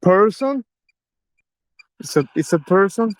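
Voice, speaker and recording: Man, live ghost-hunting stream, jumpy and swearing, slightly high voice, dry close sound. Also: animated, slow, no room sound. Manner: jumpy, swearing, questioning a spirit box. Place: old abandoned railway house. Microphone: handheld phone on a live stream.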